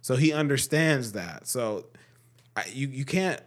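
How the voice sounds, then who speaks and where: A man's voice: medium pitch, animated, measured pace. A young man co-hosting a casual podcast, a father speaking earnestly and emphatically about parenting, often saying "like" and "man". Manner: earnest, emphatic, repeats points, fills with "like" and "man". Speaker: podcast co-host; father of two.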